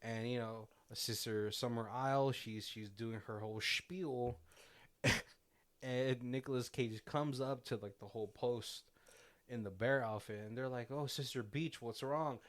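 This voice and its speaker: A man co-hosting a casual movie commentary podcast, excitedly retelling scenes, acting out the characters' lines and laughing often. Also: medium pitch, unhurried. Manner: animated retelling, acting out quotes, frequent laughter. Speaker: podcast co-host.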